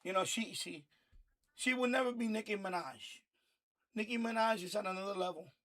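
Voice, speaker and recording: At a moderate pace, a man with a high-pitched, fairly bright voice rants on his live stream. The commentary is casual but furious, laced with swearing and recurring phrases.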